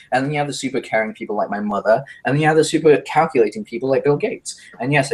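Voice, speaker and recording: A man talking fast and brashly as a guest in a casual interview, animated and self-mocking. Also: medium pitch, rough recording.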